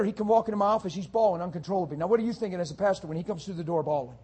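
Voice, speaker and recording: A male pastor preaching a sermon, dropping soft and low at times and building to loud, rapid rhetorical questions. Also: husky. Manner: swings from soft and low to loud, high-pitched exhortation.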